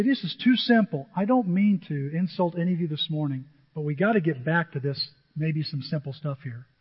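A pastor preaching a lively sermon to his church, acting out quotes in different voices. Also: a little high, breathy edge. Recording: dull lo-fi sound with long hall reverb.

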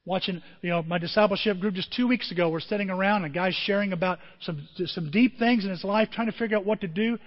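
A man pastor preaching a sermon with emotion, his voice moving from quiet and tender to loud and emphatic. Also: high voice, quick pace, few pauses, in a large hall, muffled recording. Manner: emotional, swings from soft to emphatic.

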